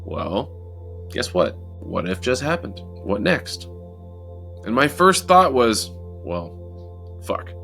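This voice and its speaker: A man telling a personal story in a casual, animated motivational talk, acting out moments as he goes. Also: medium pitch, slow pace, vocal fry, soft background music. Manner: animated, acts out his own story with lively asides. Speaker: motivational speaker.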